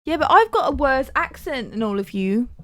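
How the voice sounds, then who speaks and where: A young woman guesting on a casual podcast, her voice sitting somewhat high. She answers back playfully, teasing the hosts and giggling along. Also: big pitch swings, moderate pace, soft background music.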